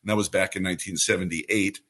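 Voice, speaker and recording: Here a New York City-born radio play-by-play man in his seventies, guesting on a show, answers with a story at a fast clip. The tone is bright, clear and lowish, the New York accent largely smoothed out. He's an easygoing spinner of anecdotes who still sounds like a polished announcer.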